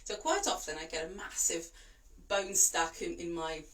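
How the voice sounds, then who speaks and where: Calm woman coaching breathing, a bit distant. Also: fairly low pitch, normal speed. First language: not English. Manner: calm, reassuring, demonstrates breaths. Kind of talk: instructional talk to camera.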